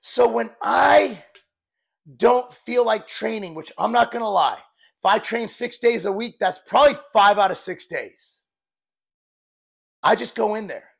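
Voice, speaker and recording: A man's voice: high voice, measured pace, gravelly, long pauses, husky. A man in his forties, a fitness coach, talking candidly and bluntly in a rambling, casual vlog style. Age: 40s.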